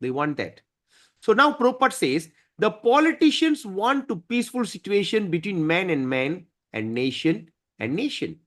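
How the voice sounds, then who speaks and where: A man teaching a devotional scripture class, emphatic and often clearing his throat. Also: high voice, big pitch swings, moderate pace, fairly bright tone.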